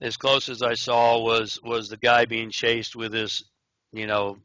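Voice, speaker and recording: American guy on a call acting out his story, punchy bright tone, kinda muffled audio. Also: mid-range voice, unhurried, no room sound. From United States. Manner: animated storyteller, acts out dialogue. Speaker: interview guest. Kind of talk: recounting prison stories in an interview. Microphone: video call. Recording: dull, lo-fi remote call audio.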